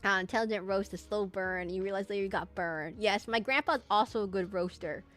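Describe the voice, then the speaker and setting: A woman's voice: medium pitch, brisk, a bit bright. A young woman streaming a game, rambling and laughing as she tells stories to her chat. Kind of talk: casual gameplay stream chat. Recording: game music behind.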